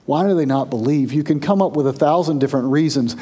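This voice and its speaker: Male pastor, sermon delivery, mellow tone, slightly high voice, urgent scripture reading. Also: quick pace. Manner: reads scripture aloud, rising in intensity then dropping low.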